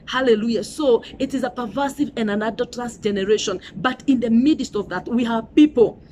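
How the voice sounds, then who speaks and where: A woman's voice: on the high side, brisk, darkish tone, a little hiss or hum. A middle-aged woman with a Kenyan accent preaching a sermon, emphatic and repetitive, often saying "you know" and "Hallelujah".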